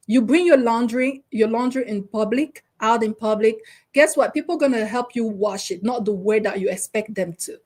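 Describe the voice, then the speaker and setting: A woman's voice: on the high side, moderate pace, darkish tone. A young adult woman hosting a show as a relationship coach, giving opinionated commentary and asking her audience and co-host rhetorical questions. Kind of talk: casual commentary chat.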